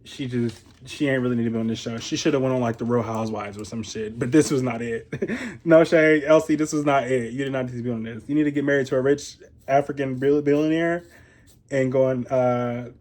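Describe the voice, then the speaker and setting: A young man from Ohio giving a casual, profane commentary on a reality show. He is chatty, laughs often and makes animated asides. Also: medium pitch, fairly quick, a little hiss or hum. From Columbus, Ohio, USA. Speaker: reality TV reviewer.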